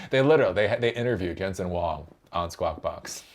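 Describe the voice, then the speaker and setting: A man's voice: low voice, fast talker. A man hosting a tech commentary channel, ranting sarcastically and with profanity and often repeating himself with a rhetorical "right?".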